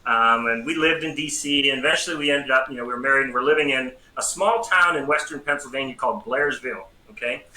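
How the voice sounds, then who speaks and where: A middle-aged American man, a priest and psychology professor, tells his story as an interview guest with lively, self-deprecating humor. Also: mid-range voice, quick pace, hardly any pauses. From United States. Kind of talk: personal testimony in a casual interview. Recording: roomy echo with faint background noise.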